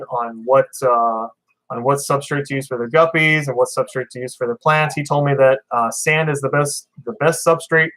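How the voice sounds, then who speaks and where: A man in the middle of a loose livestream chat about fishkeeping, reading viewer comments aloud as he goes. He talks bluntly and candidly, with strong opinions and plenty of rambling asides, at an ordinary mid pitch. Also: a bit bright, poor audio. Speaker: fishkeeping channel host.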